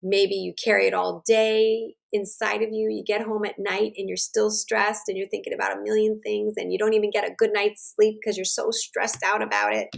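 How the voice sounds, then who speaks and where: A woman teaching self-regulation and guiding a slow breathing exercise, with a gentle, instructive manner. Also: medium pitch, little pitch movement, gravelly. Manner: gentle, instructive, checks in with "right?". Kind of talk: guided breathing lesson. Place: online summit stream.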